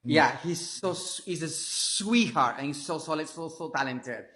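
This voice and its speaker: Energetic male performer, Latin American Spanish accent, slightly high voice, effusive chat. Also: a little slow, echoey room. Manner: energetic, effusive, non-native phrasing. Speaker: performance artist, interview guest. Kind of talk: casual interview chat.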